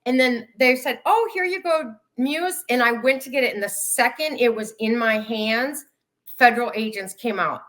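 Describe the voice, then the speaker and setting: Woman guest on a video call, storytelling, lively, slightly high voice. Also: normal speed. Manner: animated, acts out quoted voices. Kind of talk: casual storytelling.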